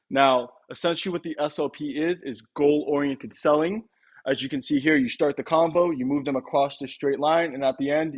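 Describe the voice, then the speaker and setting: A man's voice: mid-range voice, lo-fi sound. A young man teaching a sales method in a casual instructional talk, now and then acting out short sample dialogues. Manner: casual, quick, acts out little sample dialogues. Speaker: sales trainer.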